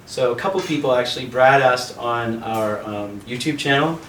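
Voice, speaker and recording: On a video call, a yoga teacher and host from Canada spins an animated tale, frequently laughing and acting out characters at a moderate pace. Sitting far back from the mic in a spacious room, his middle-range voice carries a faint hiss beneath it.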